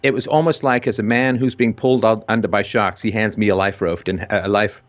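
A podcast host with a vaguely British colonial accent leads an intense discussion, his voice rising sharply whenever he stresses a point. He speaks on the low side, fairly quickly, with fairly even intonation, and the recording's highs are cut off.

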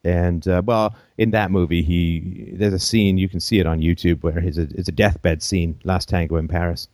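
A man with a very low voice hosts a call-in show, drifting through long anecdotes and chuckling along the way. The sound is dry and close, with no room around it. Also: fairly even intonation, moderate pace, a little mellow, no echo. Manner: rambling, anecdotal storytelling with chuckles.

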